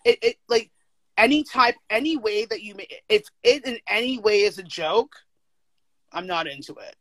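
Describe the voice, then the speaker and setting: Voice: mid-range voice, no echo. Emphatic young adult, dry close sound. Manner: emphatic, animated, full of "like" fillers and quick laughs. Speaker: interviewee. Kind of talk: casual conversation.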